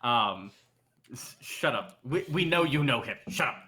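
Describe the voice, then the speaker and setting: A man narrating as game master on a live stream, talking loosely with many pauses and ums. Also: mid-range voice, animated, crowd noise. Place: home streaming setup. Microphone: desk mic on a live stream.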